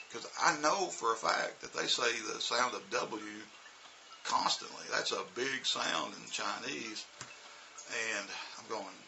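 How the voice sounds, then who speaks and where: A man's voice: medium pitch, moderate pace, gravelly, bright, forceful tone, slight background noise. A man, an English teacher, telling a casual, rambling story full of "you know" and "uh". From United States.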